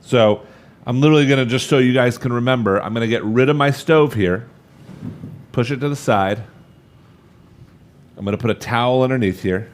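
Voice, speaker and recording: A man's voice: mid-range voice, fairly quick, long pauses, a little hiss or hum. A man in his thirties leading a live cooking demonstration, chatty and upbeat, talking straight to the viewers as he works. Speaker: cooking instructor.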